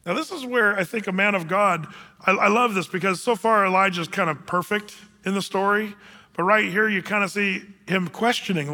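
A man's voice: high-pitched, moderate pace, bright, forceful tone. A middle-aged male pastor giving a casual Bible teaching, talking conversationally with fillers and restarts. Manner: conversational, many fillers and restarts, acts out scripture quotes. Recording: long hall reverb.

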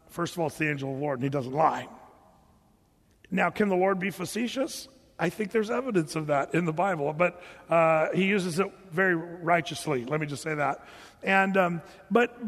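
A man's voice: sits high, big-room sound. A male pastor teaching through a Bible passage verse by verse, conversational and enthusiastic, reading scripture aloud between his comments.

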